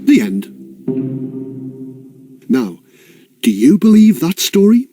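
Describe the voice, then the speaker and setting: Male storyteller, playful and sing-song, high and lively. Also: takes it slowly, faint music behind. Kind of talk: scripted narration for children.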